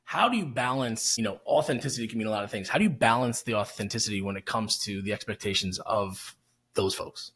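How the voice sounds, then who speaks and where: A man's voice: fairly low pitch, fast talker, a bit bright, husky. A man hosting an interview podcast, asking questions in an easygoing way and laughing along with his guest. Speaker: podcast host. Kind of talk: casual interview.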